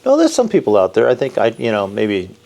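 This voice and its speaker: Gravelly low pastor dude rambling on a podcast, jokey, tons of you knows. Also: male voice, wildly swooping pitch, a little fast, warm tone, a little hiss or hum. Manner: rambling and joking, lots of "you know" fillers. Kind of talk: casual conversational podcast chat.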